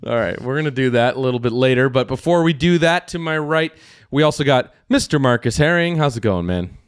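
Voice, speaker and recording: A man's voice: mid-range voice, expressive, brisk, smooth, dry recording, studio quality. A man hosting a film podcast in casual chat, loose and profane, who laughs often and restarts his sentences. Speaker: podcast host.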